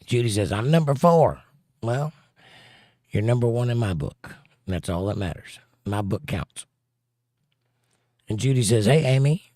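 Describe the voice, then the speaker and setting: A man hosts a relaxed livestream from a home setup, greeting viewers and reading their comments aloud. His voice sits in a middle register and he slips in puns and wisecracks. The sound is close and dry with no room around it. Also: medium pitch, no echo. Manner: jokey, chatty, quick to pun. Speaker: livestream host.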